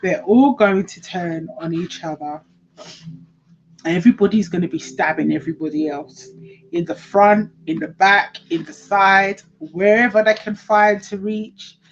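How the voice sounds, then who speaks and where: A woman's voice: medium pitch, measured pace, lo-fi sound, a little hiss or hum. A woman giving a casual tarot reading, emphatic and repeating her phrases, now and then swearing. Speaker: tarot reader.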